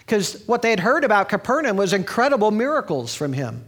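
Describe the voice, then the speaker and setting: A man's voice: high voice, big pitch swings, fairly quick, hardly any pauses, fairly bright tone. A man preaching a sermon in a conversational teaching manner, with asides and restarts. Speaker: pastor.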